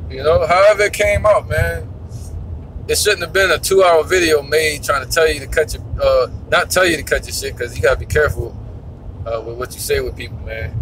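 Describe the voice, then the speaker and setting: A man's voice: a little high, steady tone, fairly quick, a bit bright, a little hiss or hum. Blunt, profane man preaching casually. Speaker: religious teacher.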